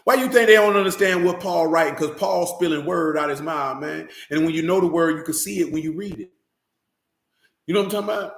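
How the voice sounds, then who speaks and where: A man preaching a street-style sermon, heated and profane, often building to shouts. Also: a little high, a little fast, vocal fry, reverberant.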